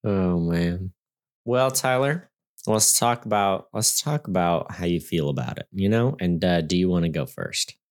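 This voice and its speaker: A man chats casually as a podcast co-host, teasing and easygoing. His voice sits a little low for a man. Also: animated, measured pace. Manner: laid-back, teasing, laughs often. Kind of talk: casual comedic chat.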